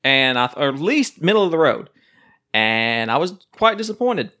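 A man in the host's chair of a casual podcast, mid-pitched and easygoing. He drifts into long, teasing anecdotes and keeps the banter running. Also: sing-song, moderate pace, sharp tone. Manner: joking, rambling storyteller. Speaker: podcast host. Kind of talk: casual chat.

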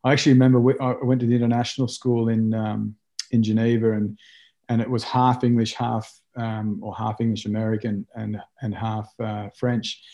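A middle-aged man with an Australian accent, a rugby coach answering interview questions with lively anecdotes full of restarts. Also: on the low side, moderate pace. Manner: animated anecdotes with lots of restarts and filler.

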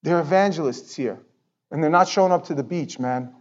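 Pastor, male, high-pitched, loose chatty sermon delivery, dull lo-fi recording. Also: a little fast. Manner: conversational, animated, repeats words. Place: church sanctuary.

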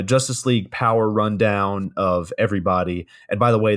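A man from Georgia co-hosting a casual film-review chat, wryly recapping scenes and joking as he goes. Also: on the low side. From Georgia, USA. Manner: wry, recapping scenes with jokes. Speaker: podcast co-host.

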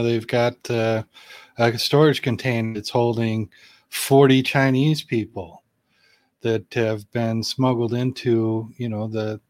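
A man co-hosts a casual conversation, reflective and unhurried in how he thinks aloud. His voice is mid-pitched, and the recording is dry and close. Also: darkish tone, no echo. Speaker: co-host. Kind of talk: casual interview chat.

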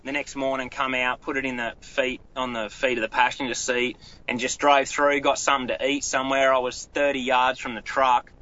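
Aussie guy rambling thru a story, bright tense voice, kinda dull lo-fi sound. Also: mid-range voice, level tone, brisk. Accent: Australian. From Australia. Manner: rambling storyteller with many restarts. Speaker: guest angler. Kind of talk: casual podcast chat.

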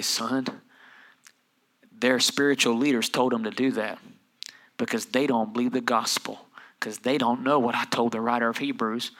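A man, a pastor preaching a sermon, telling stories and acting out family voices, moving between quiet asides and loud, building preaching. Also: medium pitch.

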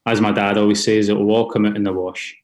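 A man's voice: on the low side, level tone, fast talker, a little mellow. A Scottish man chatting easily and enthusiastically as a podcast guest. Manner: easygoing, enthusiastic, says mate often. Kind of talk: casual interview chat.

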